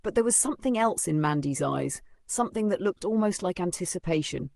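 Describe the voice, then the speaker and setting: A man reading a dramatic story as narrator in steady, scripted storytelling. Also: high voice, fairly quick, creaky, hardly any pauses, no room sound, clean studio sound.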